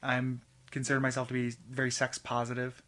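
Podcast host, young adult man, mid-pitched, rambling solo monologue full of fillers and restarts. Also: completely flat delivery, brisk, sharp tone. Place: home studio with his cat.

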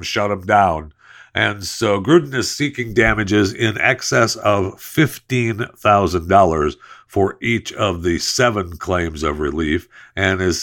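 Male podcast host, low voice, chatty and jokey, casual ad reads and news talk. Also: a bit bright. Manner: chatty, jokey, drawn-out emphasis.

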